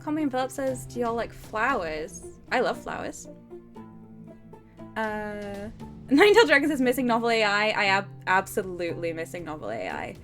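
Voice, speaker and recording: A woman's voice: mid-range voice, sing-song, normal speed, fairly bright tone, soft background music. A woman from the UK streaming live, chatting casually and reading comments aloud in a self-deprecating, giggly way. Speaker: streamer co-writing a story with AI.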